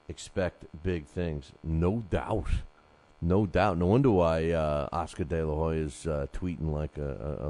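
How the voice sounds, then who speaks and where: Low, mellow-voiced man rambling on boxing. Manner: rambling, many fillers and restarts; reads listener emails aloud. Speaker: boxing podcast host. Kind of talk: casual solo commentary.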